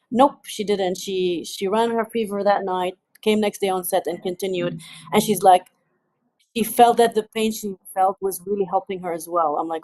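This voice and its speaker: A woman from the United Arab Emirates talks about her filmmaking in a lively interview. She restarts her sentences often and laughs easily. Her voice sits at a middle pitch and is recorded dry, with almost no room sound. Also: normal speed, no room sound. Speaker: film director. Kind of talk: interview answers.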